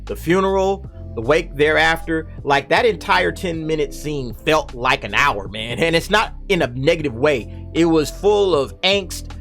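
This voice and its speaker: Animated man reviewing a TV episode. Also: fairly high pitch, a little slow, few pauses, faint music behind. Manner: animated, conversational, acts out characters' lines. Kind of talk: casual spoken review.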